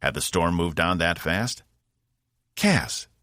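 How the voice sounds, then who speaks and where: A man narrating a science fiction audiobook in a measured, expressive storytelling manner. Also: very deep voice, creaky, dry recording, clean studio sound.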